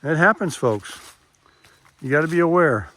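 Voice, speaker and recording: A man's voice: fairly high pitch, animated, moderate pace, a bit bright. Chatty older man on a woodland trail. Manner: chatty, talks to viewers while walking. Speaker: vlogger. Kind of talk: casual hiking vlog. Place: wooded hiking trail outdoors. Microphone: camera mic, no external microphone.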